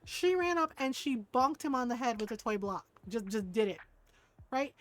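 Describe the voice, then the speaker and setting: A middle-aged woman streamer telling a story in casual chat as she plays a game, animated and laughing often. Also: fairly high pitch, normal speed.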